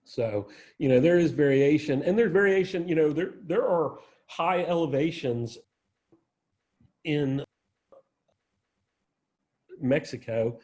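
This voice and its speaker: A man's voice: a little high, slow, pauses often, a little mellow. A man giving an informal plant lecture, conversational, with frequent restarts and asides. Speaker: arboretum director giving a plant talk.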